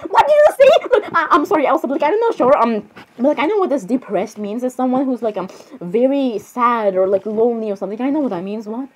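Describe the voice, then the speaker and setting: A woman chatting in a playful role-play reaction, giggly and excitable, often apologizing. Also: on the high side, fast talker, a little hiss or hum, low-quality recording.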